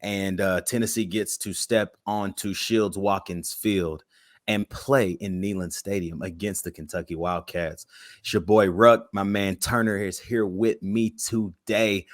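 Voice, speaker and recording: Male podcast co-host, low voice, dry close sound, slangy and hyped. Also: fairly even intonation, a little slow, no echo. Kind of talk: casual sports chat.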